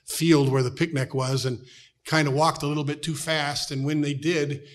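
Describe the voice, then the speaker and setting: A middle-aged man with an American accent, preaching a sermon as a pastor, telling stories and dropping from loud to hushed tones. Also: on the high side, flat delivery, moderate pace. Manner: storytelling, shifts from loud to hushed.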